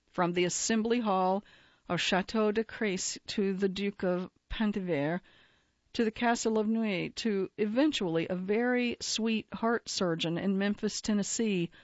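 A woman's voice: mid-range voice, a little mellow, no room sound. Woman reading a feature in a dry, dull recording. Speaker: narrator. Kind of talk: scripted narration of a magazine feature.

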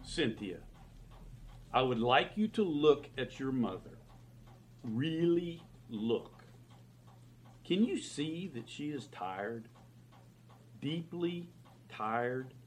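An actor playing a kindly, earnest small-town reverend who speaks calmly. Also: male voice, medium pitch, slight background noise. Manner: calm, earnest, slow. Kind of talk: drama scene.

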